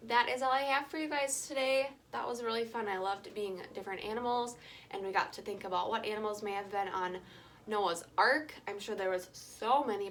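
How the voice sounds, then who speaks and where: A woman's voice: mid-range voice, fairly bright tone, a little hiss or hum. A young woman guiding children through a yoga lesson, playful and encouraging, talking simply to kids. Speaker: kids' yoga teacher. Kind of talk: guided kids' yoga lesson.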